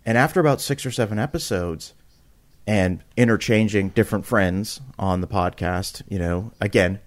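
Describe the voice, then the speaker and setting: Male podcast guest, low-ish voice, chatty storyteller, animated, lots of restarts, jumps up in pitch for quotes. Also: normal speed. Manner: frequent restarts and repeated words. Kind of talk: casual storytelling.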